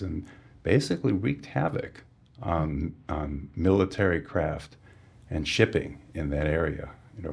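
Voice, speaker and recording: A man with a very low, gravelly voice talks through technical history in a relaxed podcast conversation. His tone is husky and a little rough. He pauses often with fillers and restarts his sentences as he explains. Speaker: sonar engineer guest.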